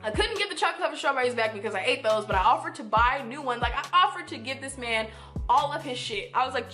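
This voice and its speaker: A young woman with a high, bright voice rattles through a casual storytime, animated and blunt, swearing freely. She acts out what everyone said as she goes. Faint music plays behind her. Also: fast talker.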